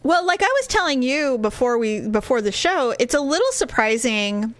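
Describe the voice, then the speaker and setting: A middle-aged woman co-hosting a podcast, telling a story in casual chat, laughing often and swinging her pitch wildly when she quotes people. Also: sing-song, normal speed, fairly bright tone, dry recording. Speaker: podcast co-host.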